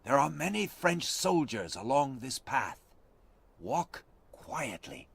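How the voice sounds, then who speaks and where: A man reading as a steady frontier scout. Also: mid-range voice, a little slow, vocal fry, husky, no echo, pitched above the performer's own voice, exaggerated voice.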